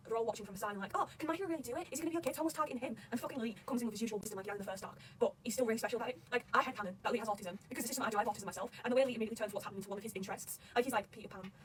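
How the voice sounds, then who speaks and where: A woman talking loudly and excitedly about a manga, swearing constantly in casual fan commentary. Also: fairly high pitch, very fast, few pauses, recorded from a distance, a little hiss or hum. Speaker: manga reaction vlogger.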